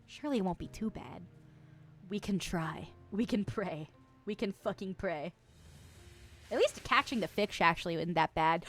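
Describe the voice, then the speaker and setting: A woman's voice: mid-range voice, moderate pace, a bit bright, soft background music. A woman streaming a video game, chatting casually with her viewers and swearing often as she plays. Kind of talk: casual gameplay stream chat.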